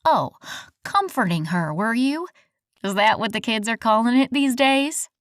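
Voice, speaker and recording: A woman's voice: normal speed, no room sound, clean studio sound, close to an everyday voice. Woman doing a smug teasing petite friend. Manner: teasing, drawling, higher and louder. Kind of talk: audiobook character voice.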